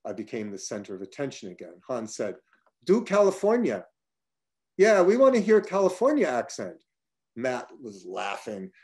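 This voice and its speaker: A man reads his own personal prose aloud. His storytelling is dry and wry. His voice sits at an ordinary middle pitch. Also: darkish tone. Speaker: writer reading his own work.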